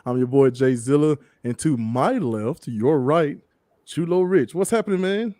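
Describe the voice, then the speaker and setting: A man's voice: on the high side, moderate pace, warm tone, no room sound, studio quality. A man from the American South hosting a podcast in a laid-back, chatty way, laughing easily. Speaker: show host. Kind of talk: casual podcast chat.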